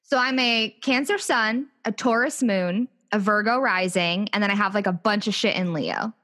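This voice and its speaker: A woman's voice: medium pitch, normal speed, a bit bright. A woman co-hosting a podcast in casual chat, chatty and laid-back with casual swearing. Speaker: podcast co-host.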